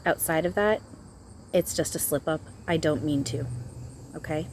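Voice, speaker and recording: A woman's voice: low voice, normal speed, darkish tone, a little hiss or hum. A woman talking outdoors in a channeling vlog, hesitant and reassuring, often repeating herself. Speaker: spiritual channeler.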